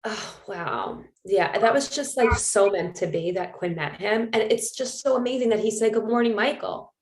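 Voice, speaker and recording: A woman's voice: mid-range voice, normal speed. Chatty woman host in a roomy room. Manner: chatty, many fillers like "like" and "um". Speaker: podcast host. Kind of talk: casual conversation, storytelling. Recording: roomy echo.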